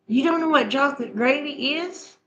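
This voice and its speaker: A middle-aged woman with a fairly high voice talks her viewers through a recipe step by step. She speaks in a homespun, chatty way and often repeats herself. A faint noise sits behind her voice. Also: normal speed, a bit bright, muffled recording. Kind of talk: casual chat, recipe instructions.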